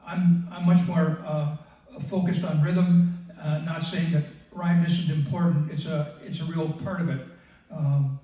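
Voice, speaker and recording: Man, halting workshop presenter, mellow dark tone, very echoey distant room. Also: fairly high pitch. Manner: halting, many fillers and restarts. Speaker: writing group member presenting. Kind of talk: workshop talk on poetry. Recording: echoey room, distant mic, dull sound.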